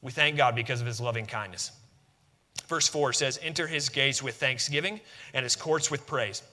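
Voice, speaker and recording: Bright-voiced man preaching a sermon. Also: mid-range voice, moderate pace, long reverb tail. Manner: conversational and emphatic, with rhetorical questions and humor.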